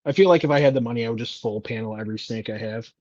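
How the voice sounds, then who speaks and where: A man's voice: medium pitch, very fast, darkish tone, no room sound, highs cut off. A man chatting casually on a livestream about snakes, self-deprecating and laughing often. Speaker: guest snake breeder.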